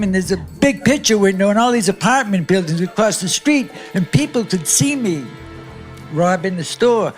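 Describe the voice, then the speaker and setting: An older man telling a long, rambling, profane story as a stand-up guest, chuckling at himself as he goes. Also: sits high. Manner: profane, meandering, laughs at himself. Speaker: comedian guest. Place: comedy club stage. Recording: live club with crowd and music.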